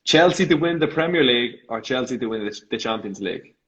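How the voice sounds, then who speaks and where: A man hosting a casual live video call interview, laughing often and firing off quick playful questions. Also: mid-range voice, expressive, fairly bright tone, slight background noise. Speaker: host. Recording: slightly dull video call audio.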